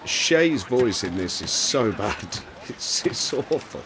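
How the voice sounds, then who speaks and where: Deep-voiced sarcastic gaming commentator. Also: male voice, very animated, slow pace, background noise. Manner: sarcastic, mocking. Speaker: let's play host. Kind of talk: casual gameplay commentary.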